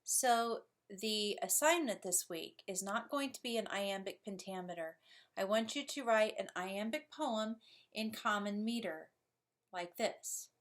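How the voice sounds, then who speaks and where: A woman's voice: mid-range voice, a little slow. A middle-aged woman teacher giving a poetry lesson, explaining patiently with little chuckles.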